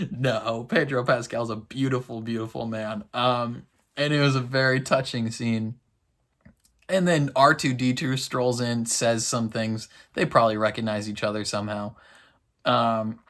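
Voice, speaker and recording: A man's voice: mid-range voice, steady tone, measured pace, fairly bright tone. A man giving casual reaction commentary on a show, rambling with lots of fillers and frequent laughs. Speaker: reaction video host.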